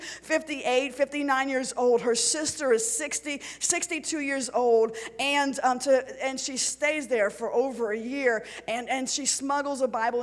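A woman preaching, earnest, sometimes stumbling over words as she tells a story. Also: high voice. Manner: earnest, reads story passages with feeling, slips on words. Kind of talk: sermon with read-aloud story. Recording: long hall reverb with faint music.

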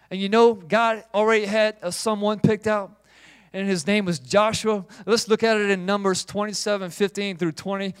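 A middle-aged male pastor preaching a sermon in an animated way. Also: high-pitched, normal speed, smooth. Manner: animated, acts out biblical figures in quoted voices.

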